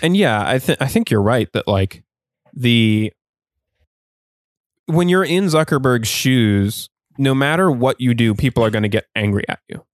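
A man's voice: mid-range voice, animated, a little slow, no room sound, clean studio sound. A man co-hosting a podcast in casual chat, laughing often and talking with plenty of fillers. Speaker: podcast co-host.

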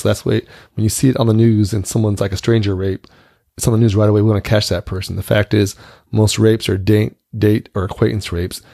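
Low gravelly-voiced man, dry sound. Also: darkish tone, no echo. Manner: frank, earnest, repeats words when starting. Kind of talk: casual conversation.

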